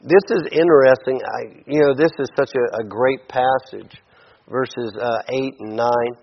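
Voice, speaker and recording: A man's voice: mid-range voice, unhurried, gravelly. A man preaching a sermon in a conversational way, often restarting and repeating words. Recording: dull audio with long hall reverb.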